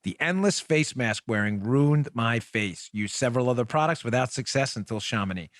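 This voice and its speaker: A man's voice: mid-range voice, expressive, normal speed, no room sound. A man in his forties hosting a political talk show, riffing in sarcastic mock pleas with lots of restarts, into a studio microphone. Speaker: podcast host.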